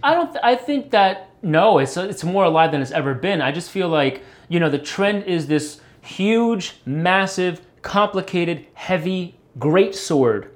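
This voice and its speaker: A man's voice: sits high, expressive, unhurried, few pauses. A man, a guitarist guest, talking loosely with many fillers and the odd curse. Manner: rambling, many fillers, swears. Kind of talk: casual interview talk.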